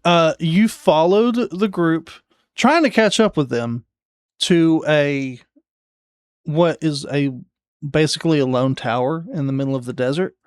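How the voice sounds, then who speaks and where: A man narrating as game master of a tabletop game, unhurried and hesitant with fillers. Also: on the high side, smooth, no room sound, studio quality.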